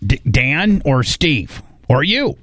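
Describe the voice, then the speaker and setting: A man hosting a casual conversation, telling stories and slowing down to stress his words. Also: fairly high pitch, very animated, fairly bright tone, dry recording, clean studio sound.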